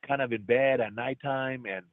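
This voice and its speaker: A man, an actor guest on an interview show, telling a deeply personal story in an earnest, heartfelt way and calling the host brother. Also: normal speed, dry recording. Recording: tinny phone-like line.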